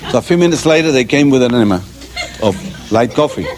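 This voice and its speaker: A man from Cuba telling jokes in an animated way, pausing on fillers. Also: mid-range voice, slight background noise, rough recording. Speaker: joke teller.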